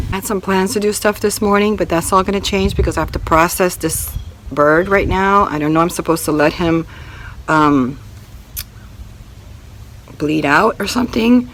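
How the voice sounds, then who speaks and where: A woman's voice: fairly low pitch, moderate pace, slight background noise, poor audio. A woman talking casually to her viewers while walking around her rural property outdoors, filming herself. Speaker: homestead vlogger. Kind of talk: casual vlog to camera.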